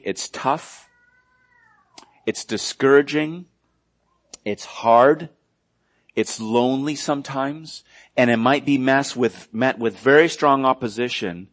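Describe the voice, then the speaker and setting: Earnest man preaching with hushed swells. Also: medium pitch, slow pace. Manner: earnest, rising and falling from loud emphasis to hushed quiet. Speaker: pastor. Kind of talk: sermon.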